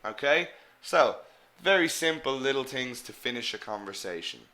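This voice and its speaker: A man teaching an online business English lesson, coaching students and repeating example phrases slowly and clearly. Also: mid-range voice, lively intonation, pushed and bright.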